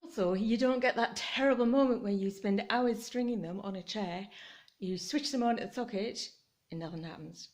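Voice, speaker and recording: A woman's voice: mid-range voice, moderate pace, darkish tone. A woman chatting casually in a home vlog while decorating, giggly and talking to her cat, recorded on a camera phone. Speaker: vlogger.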